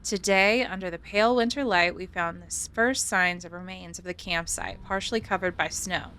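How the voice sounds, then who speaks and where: Woman reading as a male investigator, earnest, bright voice, faint hum behind. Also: lowish voice, normal speed. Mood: somber. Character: investigator man reading game dialogue.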